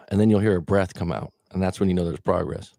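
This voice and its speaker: Male relationship coach, middle-aged, low mellow voice, dry close sound, casual plainspoken delivery. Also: gravelly, dry recording. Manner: plainspoken, acts out quoted thoughts, occasional swearing. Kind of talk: casual advice talk.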